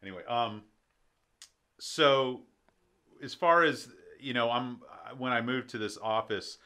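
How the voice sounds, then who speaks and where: A man hosting a podcast interview in a relaxed way, hedging often and trailing off softly at the ends of thoughts. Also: medium pitch, slow pace, clean tone. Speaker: podcast host. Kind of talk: casual interview chat.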